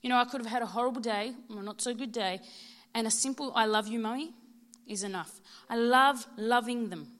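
A woman in her thirties with an Australian accent, giving a prepared personal testimony at church in a heartfelt, measured way. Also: a little high, a bit bright. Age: 30s.

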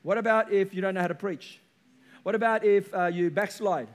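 A man's voice: high voice, fairly even intonation, a little fast, voice pushed down, natural voice. A preacher voicing the devil as a tempting male spirit who coaxes and insists. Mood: coaxing. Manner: coaxing, insistent.

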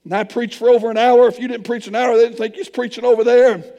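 An older man, preaching a sermon and telling a missionary story with passion, shouting at the high points. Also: little pitch movement, fast talker, vocal fry, highs cut off. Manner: impassioned, shouting at peaks, hushed in the retold confrontation. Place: church sanctuary. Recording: long hall reverb.

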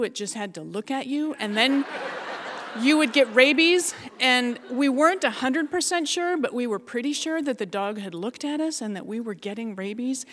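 A middle-aged woman from Alaska telling a funny personal story to an audience in a lively, self-mocking way, laughing often. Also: medium pitch. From Alaska, USA.

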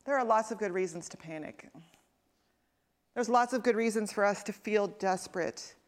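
A woman preaching a sermon in a chatty, conversational way. She asks her listeners questions and waits for their answers. She often drops into a soft, hushed tone to drive a point home. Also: medium pitch, moderate pace. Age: adult parent. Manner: drops to a soft, quiet tone for emphasis. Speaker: pastor.

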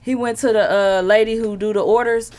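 A woman's voice: a little high, a little fast, noisy background. A woman telling a story in a casual group chat, acting out the people she quotes. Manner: animated storyteller, acts out quotes. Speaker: host.

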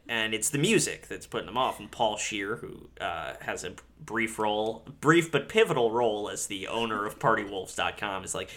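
A podcast co-host in casual chat, animated and laughing, swearing freely while recapping a comedy. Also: mid-range voice.

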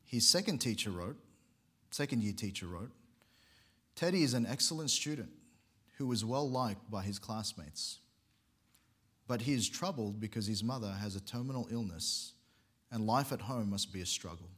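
A man, a pastor, telling a long story during a sermon, earnest and unhurried, now and then correcting himself. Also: on the low side, expressive, a bit bright, slightly rough. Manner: earnest storytelling with occasional restarts.

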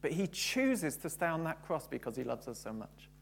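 A man's voice: a little high, sing-song, moderate pace, creaky, a little hiss or hum. A man preaching a sermon, building to fervent emphasis and repeating key phrases.

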